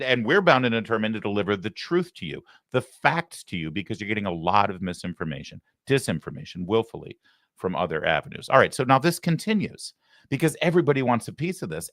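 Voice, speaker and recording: A male host delivering political commentary with emphasis and a lively, swinging pitch. He speaks close to a studio mic. The sound is dry. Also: a little fast, no echo. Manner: animated, emphatic. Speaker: talk show host. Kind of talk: political talk show commentary.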